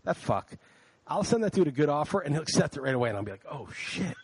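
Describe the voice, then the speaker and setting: Fast, animated man ranting casually. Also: a little high, husky, rough recording. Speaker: podcast co-host. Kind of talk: casual chat.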